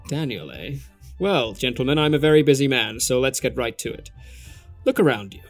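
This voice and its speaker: A man's voice: mid-range voice, expressive, normal speed, soft background music, lightly acted. A man voicing a smug, bossy middle-aged tech CEO who talks in a pompous, self-important way. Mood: grand.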